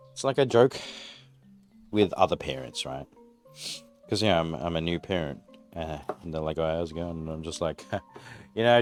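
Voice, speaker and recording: A very low-pitched Australian man rambles candidly while he cooks on a live stream. His deep voice swings widely and animatedly. Faint music plays behind him. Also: a little mellow. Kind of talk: casual live-stream chat while cooking. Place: single-car garage at home.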